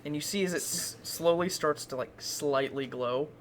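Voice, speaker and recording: A man's voice: a little high, normal speed, heavy background noise. A man playing a tabletop game, talking in an eager, playful way in casual chat. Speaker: player.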